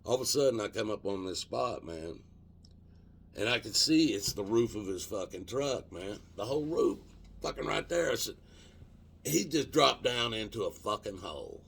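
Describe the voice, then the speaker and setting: Man, low gravelly voice, profane casual storyteller. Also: animated, fairly bright tone. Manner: profane, colloquial, drawn-out dramatic retelling.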